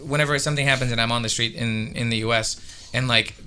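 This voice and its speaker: A man's voice: mid-range voice, fairly even intonation, fast, pushed and bright, clean tone. Romanian man with an American-sounding accent. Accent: American-sounding English. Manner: chatty storyteller, acts out dialogue. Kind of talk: casual podcast chat. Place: comedy club.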